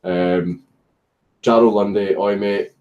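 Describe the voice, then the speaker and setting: A man's voice: on the low side, steady tone, slow, dull audio. A Scottish man casually chatting on a home live stream, reading viewer messages, swearing and joking while a puppy distracts him.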